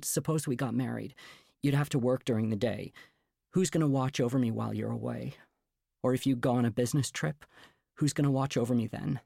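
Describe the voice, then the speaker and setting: A male audiobook reader voicing a fragile, anxious young woman, speaking earnestly and quietly pleading. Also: mid-range voice, gravelly, no room sound, clean studio sound, voice pushed up. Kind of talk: audiobook character reading.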